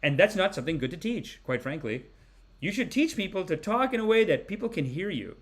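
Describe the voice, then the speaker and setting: A man in his forties hosting a podcast, giving rambling, animated, mock-preachy comic commentary. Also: high-pitched, a little fast. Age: 40s. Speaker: podcast host. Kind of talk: comedic commentary.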